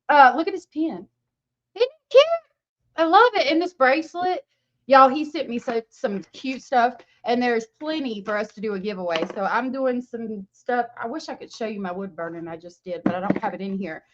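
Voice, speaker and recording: A woman's voice: on the high side, noisy background. Chatty woman on a dull webcam. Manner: chatty, gushing, greets chat viewers by name. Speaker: livestream host. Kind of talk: casual livestream chat. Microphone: webcam mic.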